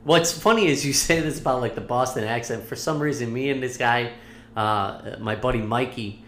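A man's voice: mid-range voice, moderate pace, a bit bright. A man co-hosting a casual chat, rambling and swearing freely and laughing often. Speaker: podcast co-host. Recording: echoey room with faint hum.

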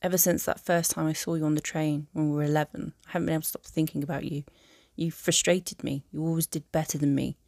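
A woman voicing a remorseful young male aristocrat wizard in a fan audiobook, speaking softly and haltingly. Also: low-pitched, flat delivery, creaky, no room sound, clean studio sound. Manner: soft, halting confession.

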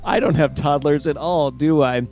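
A man's voice: fairly high pitch, normal speed, a little mellow. A man co-hosting a casual podcast, talking in a playful, teasing way with his co-host.

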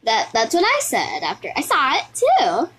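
An excitable woman chatters through her gameplay, exclaiming and repeating phrases in a sing-song lilt. Her voice sits a little high, with a faint hiss of noise under it. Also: normal speed, low-quality recording. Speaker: gaming video host. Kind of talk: live gameplay commentary.

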